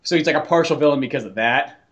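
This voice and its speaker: A man's voice: fairly high pitch, fast, a bit bright. A man co-hosting a podcast in casual chat. He rambles, swears freely and leans on "like" fillers. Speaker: podcast co-host.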